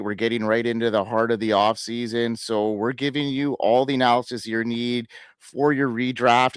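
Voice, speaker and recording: A man's voice: mid-range voice, a bit bright, clear, resonant tone, no room sound. A Canadian man with a Canadian accent, a podcast guest talking casually with many fillers and restarts.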